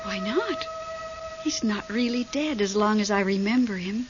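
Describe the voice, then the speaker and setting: A woman's voice: mid-range voice, expressive, measured pace, soft background music, lightly acted. A woman playing a flustered, anxious widow. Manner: breathless, flustered, emotional. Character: middle-aged widow, anxious and easily startled. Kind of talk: 1970s radio drama acting. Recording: dull lo-fi old radio recording with faint hiss.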